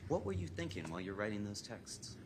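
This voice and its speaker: A man working as a trial attorney, reading exhibits aloud in a measured way and then pressing a witness with short questions in a courtroom. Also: lowish voice, big pitch swings. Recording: noisy courtroom audio.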